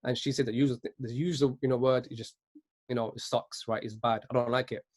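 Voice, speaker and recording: Fast-talking earnest young man. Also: mid-range voice, steady tone, a little mellow. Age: 20s. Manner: earnest, keeps asking "right?". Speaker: speaker at a virtual business event. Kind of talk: motivational talk.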